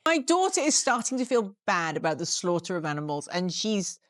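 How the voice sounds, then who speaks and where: A woman in her fifties, a guest actor in a casual interview, telling lively stories, swearing freely and acting out what people said. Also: on the low side, fairly quick, no room sound, clean studio sound. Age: 50s. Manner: animated storyteller, swears freely, acts out quotes. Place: live event at a house.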